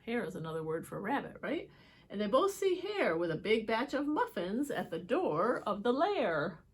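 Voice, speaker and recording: A woman reading picture books aloud to children, expressive, with chatty asides to her young viewers. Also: a little high, normal speed, breathy edge. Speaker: children's book reader. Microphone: holds book up to camera.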